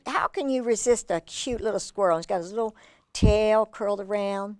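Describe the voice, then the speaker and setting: Animated woman reading to children. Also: medium pitch, moderate pace, dry recording, studio quality. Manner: animated, exclamatory, chatty asides. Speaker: children's storyteller. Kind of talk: reading a picture book aloud to children.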